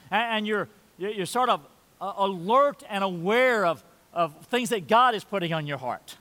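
A man with a high voice preaches a sermon in a church hall, and his words ring out in a long reverb. He drives key words hard, then drops to a low, quiet voice to make a point. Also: animated, normal speed. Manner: emphatic preaching, swings loud and soft. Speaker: pastor.

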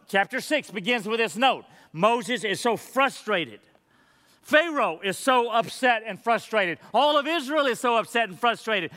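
Man, pastor, sermon, earnest, emphatic, high voice, church sanctuary. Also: pushed and bright. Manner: earnest, emphatic, slowing on key words. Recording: long hall reverb.

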